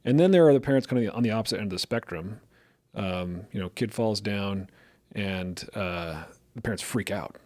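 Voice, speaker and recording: A middle-aged man on a casual podcast, talking through examples in a lively, storytelling way. His voice sits somewhat low, and the sound is close and dry, with no room echo. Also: normal speed. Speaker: podcast co-host.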